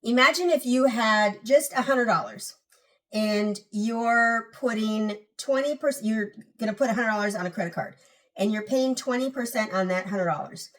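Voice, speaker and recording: A woman's voice: fairly high pitch, moderate pace, a bit bright, recorded from a distance. A woman hosting a personal finance channel, giving casual, emphatic advice straight to her viewers and repeating key points.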